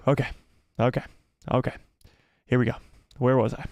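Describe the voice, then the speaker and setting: Reading viewer comments aloud, the host of a live watch party stream talks with breathless excitement, cursing and saying things over again. He has a medium-pitched voice at a normal speed, recorded with clean studio sound and no echo.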